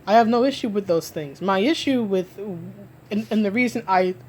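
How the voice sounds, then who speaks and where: A woman's voice: medium pitch, moderate pace, a little mellow. A woman giving an emphatic solo rant about comics, restarting and repeating herself often as she argues her point. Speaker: comic book commentator.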